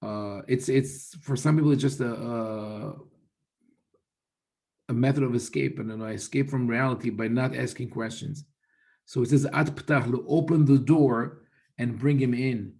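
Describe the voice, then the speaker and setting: Here a rabbi, male with a medium-pitched, steady and slightly mellow voice, walks through religious texts. His manner is patient and considered, marked by restarted sentences and Hebrew quotes.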